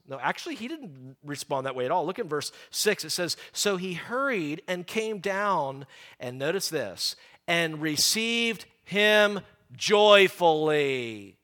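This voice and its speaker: A man preaching a sermon, lively and animated, acting out the people in the story. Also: high-pitched, normal speed. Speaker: pastor.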